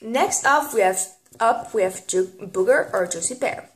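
A teenage girl, filming a casual vlog and getting excitable, squealing when something pleases her. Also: medium pitch, a little slow. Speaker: vlogger. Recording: echoey room.

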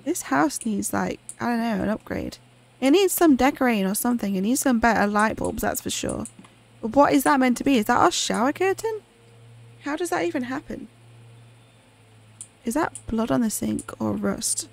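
A woman's voice: fairly high pitch, animated, normal speed, creaky. A woman chatting casually while she plays a pixel horror game, reacting aloud to what she sees. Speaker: gaming channel host. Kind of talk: casual let's-play commentary.

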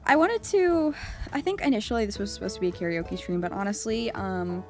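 A woman streamer chatting casually with her viewers live, excitable, swearing freely and laughing often, rambling and repeating herself. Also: medium pitch, fairly quick, faint music behind.

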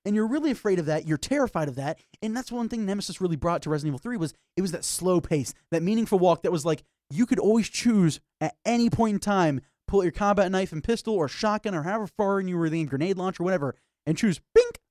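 A man's voice: sits high, lively intonation, fast, few pauses, darkish tone, no room sound, studio quality. A man co-hosting a podcast, chatting casually about games and horror, acting out scenes in put-on voices. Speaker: podcast co-host.

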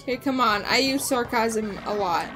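A woman's voice: a little high, moderate pace. Teasing young woman co-host. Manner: teasing, giggly. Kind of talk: casual gameplay banter. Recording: faint game music behind.

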